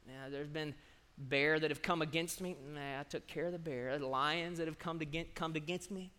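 A cocky young shepherd brags in an easy, laid-back way, voiced by a preacher. The voice sits lower and quieter than the preacher's usual tone, with a long reverb behind it. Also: male voice, fairly even intonation, moderate pace, smooth. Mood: boastful. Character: young male shepherd hero, cocky and relaxed.

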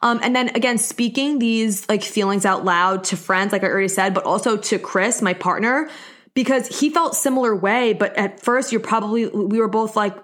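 A young woman talking straight to her listeners in a loose, chatty monologue. She fills her sentences with "like" and sounds earnest and encouraging, with a voice at an ordinary middle pitch. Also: normal speed, fairly bright tone. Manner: chatty, open, leans heavily on "like". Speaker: solo podcast host. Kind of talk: casual personal monologue.

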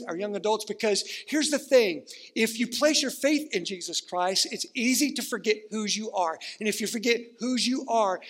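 A man's voice: high-pitched, fairly bright tone, big-room sound. A man preaching a sermon as pastor, earnest and stretching out key words for emphasis.

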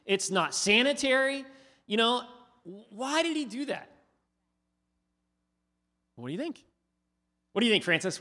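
A man preaching a sermon, asking his listeners questions in an animated, conversational way. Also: very high voice. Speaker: pastor. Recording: hall reverb.

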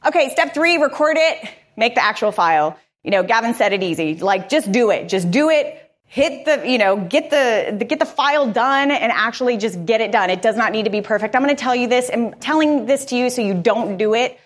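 A woman podcaster giving a live conference talk, energetic, candid and conversational. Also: fairly high pitch, brisk.

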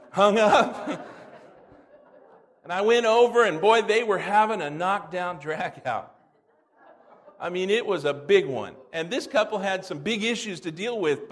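A pastor preaches, reading scripture in a low, soft voice. Between readings he tells anecdotes animatedly and laughs at his own stories.

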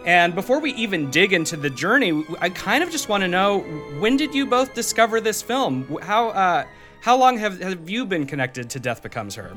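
A man's voice: sits high, very animated, normal speed, pushed and bright, faint music behind. A man co-hosting a podcast in casual chat, with wry, dry quips and frequent laughter. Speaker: podcast co-host.

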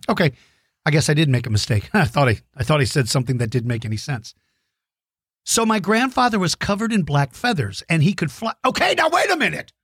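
A man's voice: high voice, fairly bright tone, no room sound, studio quality. A man hosting a children's dinosaur show, talking playfully to young viewers and reading out their messages. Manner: playful, self-correcting, reads out viewer messages. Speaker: kids' dinosaur show host. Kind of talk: friendly educational talk to children.

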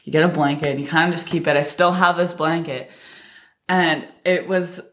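A young woman chatting casually as she tells a story, lively and quick to laugh. Her voice sits a little low, and the room around her echoes. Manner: animated, laughing often, acting out her younger self with high shouts. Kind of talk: casual chat.

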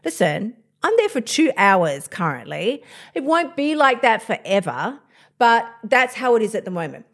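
A woman's voice: fairly high pitch, very animated, moderate pace. A woman hosting a motivational podcast, blunt and fired up, swearing freely as she talks about her routine. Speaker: podcast host.

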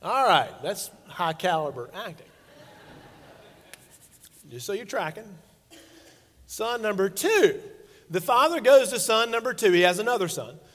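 Brief: man in his forties, pastor, high voice, joking conversational sermon, long hall reverb. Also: big pitch swings, measured pace, pauses often, fairly bright tone. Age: 40s. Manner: playful, conversational preaching with acted-out quotes. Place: church sanctuary stage.

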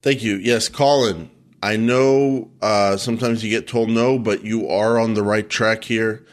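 A man's voice: lowish voice, steady tone, measured pace. Blunt, emphatic man from Oklahoma. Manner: blunt, emphatic, playfully mocking. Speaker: co-host and expert. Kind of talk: casual chat, blunt opinion.

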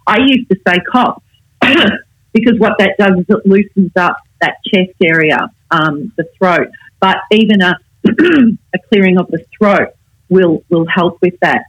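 An older woman, a communication coach, explaining her advice in a measured, instructive way in a casual interview. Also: lowish voice, dry recording, muffled recording.

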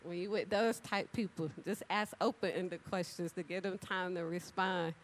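A woman preaching an animated, chatty sermon, talking straight to the congregation and acting out little conversations. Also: lowish voice, normal speed, slight background noise. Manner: animated, chatty, addresses crowd directly; acts out dialogue with big voice swings. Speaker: church speaker. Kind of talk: lively sermon with storytelling.

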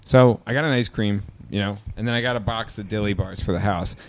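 A man's voice: lowish voice, fairly quick. A man in a casual chat, telling a story with lots of "like" and "dude" and frequent laughter. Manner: animated storyteller, laughs often, says "like" and "dude" a lot.

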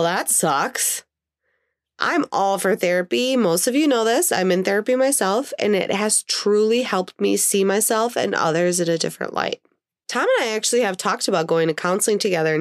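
A woman's voice: medium pitch, dry recording. A woman hosts her podcast while getting over a sinus infection, so her mid-range voice sounds nasal and stuffed up. She talks in a chatty, upbeat way, full of casual asides. The recording is dry and close, with no room sound. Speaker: podcast host.

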